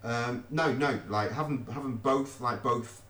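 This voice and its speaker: A man's voice: medium pitch, measured pace, fairly bright tone. Man directing a home recording session. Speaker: stream host recording vocals. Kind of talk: casual studio chat. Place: home studio. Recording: echoey room, mic far off, noisy.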